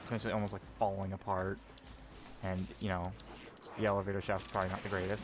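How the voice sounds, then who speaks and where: Low-voiced sweary gamer. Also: male voice, fast talker. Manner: sweary, animated, rambling. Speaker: gaming streamer. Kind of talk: casual gameplay commentary. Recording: noisy game stream.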